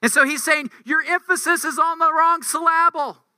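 This campus ministry preacher has a very high-pitched, pushed, bright voice at a normal speed, captured in a clean studio with no room sound. His conversational sermon includes scripture read aloud, with rhetorical questions and emphatic peaks driving his points home.

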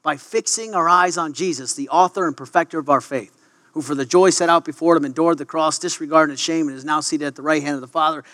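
A man who coaches wrestling gives a faith talk to his athletes, his voice sitting high for a man with a bright, forward edge. He talks in an excitable rush, tripping over his words and restarting lines. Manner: excitable, stumbling restarts and quick asides. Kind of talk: devotional talk to a sports team.

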